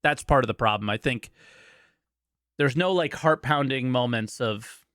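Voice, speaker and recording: A man's voice: medium pitch, unhurried, fairly bright tone, dry recording, studio quality. A man giving casual reaction commentary as a streamer, blunt and skeptical, pushing back on what he hears.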